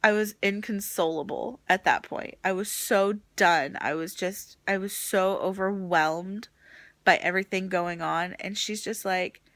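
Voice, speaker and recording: A young woman vlogging casually, exhausted and nauseous, venting frankly about a rough stretch. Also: medium pitch, measured pace, a bit bright, no room sound. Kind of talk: casual chat.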